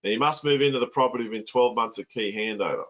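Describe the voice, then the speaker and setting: A man's voice: medium pitch, quick pace, fairly bright tone, dull audio. A man coaching property investment in an online masterclass, blunt and colloquial.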